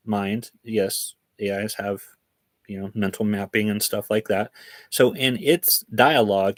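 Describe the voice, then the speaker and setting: A frustrated man rants bluntly and swears freely on his livestream. His voice sits at a middling pitch. The sound is dry and close, with no echo from the room. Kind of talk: livestream rant.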